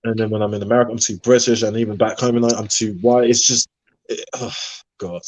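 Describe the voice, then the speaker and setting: A man in a casual online discussion, telling personal stories in an animated way and laughing often. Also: fairly low pitch, fairly quick, slight background noise, poor audio. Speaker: panelist.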